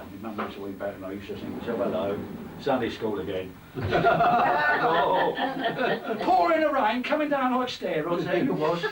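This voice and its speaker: Older man telling jokes, echoey hall. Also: high-pitched. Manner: chatty, teasing, animated anecdotes with many asides. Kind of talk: comic storytelling to a live crowd. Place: party hall. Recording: echoey room, distant mic, loud crowd laughter.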